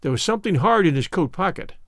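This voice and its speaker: A man narrating an audiobook in a measured storytelling way. His voice sits somewhat high for a man. The recording is dry and close, with no room sound. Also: very animated, creaky, a bit bright, no room sound.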